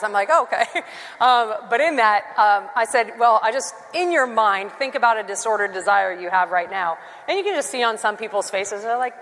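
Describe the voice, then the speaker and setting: A woman preaching in a mid-pitched voice, telling lively personal stories and acting out both sides of a conversation with quick laughs. Her voice rings out in a large hall with a long reverb tail. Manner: animated storytelling, quick laughs, acts out dialogue. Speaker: Christian speaker.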